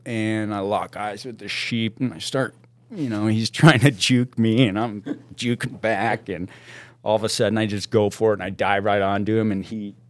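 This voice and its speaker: A man telling a story casually as a podcast guest, animated and laughing often, with slangy talk. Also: on the low side, no echo.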